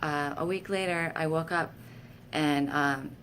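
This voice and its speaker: A woman's voice: low voice, measured pace, a little hiss or hum. A woman vlogger telling candid, self-deprecating personal stories in a casual way. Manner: candid, self-deprecating, animated when quoting herself. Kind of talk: casual storytelling to camera.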